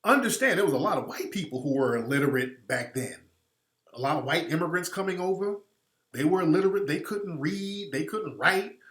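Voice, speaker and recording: A man hosting a radio program rants in an impassioned monologue, blunt and emphatic, with repeated points for effect. His voice is on the high side, lively in intonation, fairly quick and fairly bright, and the space sounds echoey.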